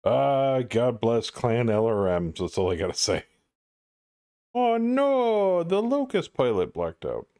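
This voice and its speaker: A man's voice: medium pitch, very animated, takes it slowly, mellow. A man streaming a co-op mech game, joking crudely and laughing often. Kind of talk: casual joking game chat.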